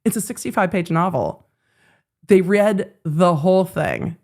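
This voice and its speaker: A woman in her forties hosts a live legal commentary stream and tells the story as casual chat. She acts out the quoted lines with a lot of animation, and her voice sits a little low for a woman. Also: a little slow, a little mellow.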